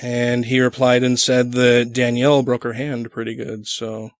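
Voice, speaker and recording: A man's voice: mid-range voice, little pitch movement, normal speed, no room sound, studio quality. A man co-hosting a casual podcast, bantering and swearing freely. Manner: profane, laughing banter. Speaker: podcast co-host.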